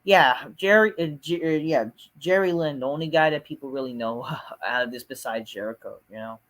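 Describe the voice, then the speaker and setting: A man's voice: on the high side, brisk, a bit bright. Rambling, swearing male show reviewer. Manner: rambling and dismissive, heavy swearing and fillers. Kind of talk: casual ranting review.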